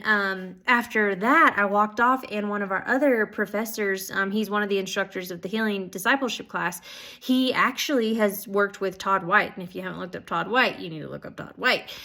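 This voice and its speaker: Young woman, earnest personal vlog update, gushing and rambling, mid-pitched voice. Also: fairly bright tone. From Oklahoma. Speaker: Bible school student.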